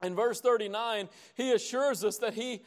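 A man preaching a sermon with passion, swinging between hushed lines and loud cries. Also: extremely high pitch, normal speed, long reverb tail. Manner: impassioned, dramatic swings from soft to loud.

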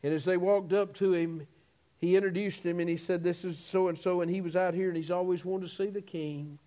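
A man preaching a sermon, swelling into emphatic peaks, stretching out key words and dropping to quiet, low phrases. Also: fairly even intonation, fairly quick.

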